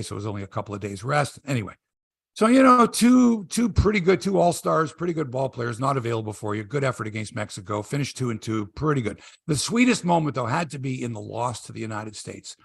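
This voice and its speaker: A middle-aged man hosts a sports podcast, chatting casually and telling stories as an animated storyteller. He acts out quotes in a raised, high voice. His voice has vocal fry and a breathy edge, recorded with studio quality and no echo.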